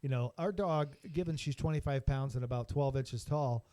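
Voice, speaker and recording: A man's voice: mid-range voice, normal speed, dark tone, no room sound. A man co-hosting a podcast, chatting casually, swearing freely and laughing along. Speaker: podcast co-host. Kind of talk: casual chat.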